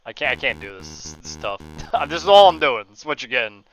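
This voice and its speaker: A man's voice: medium pitch, very animated, brisk, a bit bright, dull audio, soft background music. A man streaming a game playthrough, chatting casually with muttered, self-mocking asides and frequent laughs.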